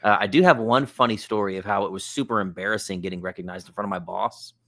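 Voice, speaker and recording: Lower-voiced man telling a story. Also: quick pace. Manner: relaxed, chatty, with lots of fillers like "like" and "uh". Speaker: podcast guest. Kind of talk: casual storytelling.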